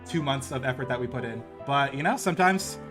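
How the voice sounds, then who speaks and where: Fast-talking young man rambling. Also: mid-range voice, animated, music in the background. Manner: rambling, heavy on filler words and swearing. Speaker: streamer. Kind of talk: casual storytelling.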